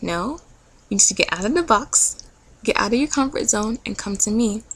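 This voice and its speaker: A woman voicing God as a calm, firm male presence who patiently insists, close to her own voice. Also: medium pitch, normal speed, slightly rough, low-quality recording.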